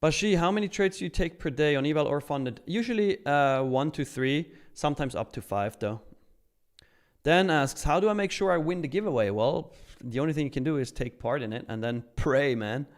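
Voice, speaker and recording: A man's voice: medium pitch, normal speed. A man from Switzerland hosting a live trading stream, upbeat and chatty as he reads chat aloud. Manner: upbeat, chatty, hyped by milestones.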